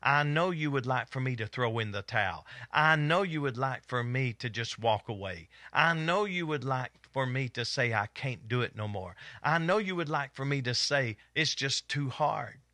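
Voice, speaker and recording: Man preaching with a Kentucky mountain accent, forceful tense voice, dry close sound, hollering excitedly, middle-aged. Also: mid-range voice, normal speed, hardly any pauses, dry recording. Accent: Eastern Kentucky Appalachian. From East Kentucky. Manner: hollers and gets excited while teaching. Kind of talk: fervent Bible study preaching.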